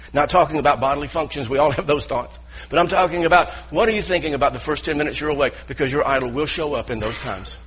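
Male pastor, husky mid-pitched voice, earnest stop-start preaching, muffled church recording. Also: fairly bright tone. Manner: earnest preaching with repeated restarts. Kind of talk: sermon.

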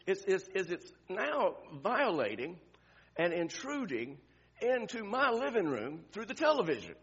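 A man's voice: high voice, very animated, a little slow, fairly bright tone, slightly rough, dull audio. An older man with grandchildren, preaching a conversational sermon full of rhetorical questions and restarts.

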